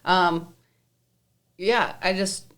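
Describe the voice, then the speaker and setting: A woman's voice: lowish voice, fairly even intonation, extremely slow, a bit bright. A young woman hosting a podcast in casual chat, blunt and profane, talking frankly about her work and online life.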